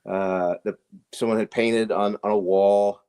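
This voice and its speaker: A man's voice: on the low side, steady tone, unhurried, mellow, clean tone. A man guesting on a casual reaction chat, hesitant and repeating words as he thinks.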